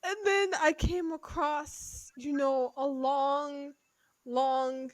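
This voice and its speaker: Slow, giggly woman with a dry close sound. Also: sits high, fairly even intonation, no echo. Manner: giggly and profane, breaks into laughter. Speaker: podcast co-host. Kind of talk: improvised comedic role-play chat.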